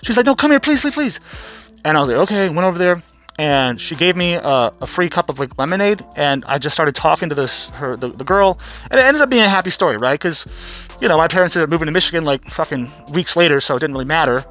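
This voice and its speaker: Bright high-voiced man telling a story. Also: expressive, fast, faint music behind. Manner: profane, rambling, acts out quotes. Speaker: vlogger host. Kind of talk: casual storytelling.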